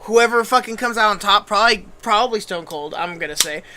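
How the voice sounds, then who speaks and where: A man's voice: sits high, brisk, bright, forceful tone. A young man co-hosting a podcast, joking and laughing in crude, casual banter. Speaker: podcast co-host. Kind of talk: casual comedic chat.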